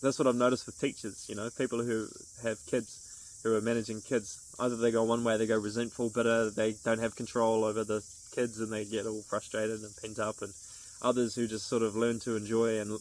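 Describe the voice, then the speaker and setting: A man's voice: lowish voice, level tone, fairly quick, poor audio. A man talking to camera as a vlogger in an earnest, rambling, upbeat way, with restarts. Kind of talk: casual motivational monologue to camera.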